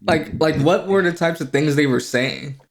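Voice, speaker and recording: A man's voice: a little high, moderate pace. A young man co-hosting a podcast, chatting casually, teasing and asking questions. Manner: teasing, asks lots of questions. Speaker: podcast co-host. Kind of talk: casual chat.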